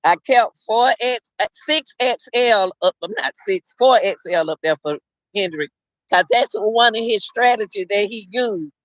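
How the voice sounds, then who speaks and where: A man's voice: sits high, animated, measured pace, a bit bright, no room sound. A middle-aged man hosting a casual livestream, rambling and chatting directly to his viewers. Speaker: livestream host.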